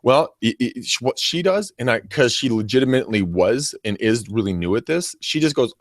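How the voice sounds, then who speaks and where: A real estate agent in casual video-call chat, acting out sample phone calls. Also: male voice, medium pitch, animated, moderate pace, hardly any pauses, no echo, clean studio sound.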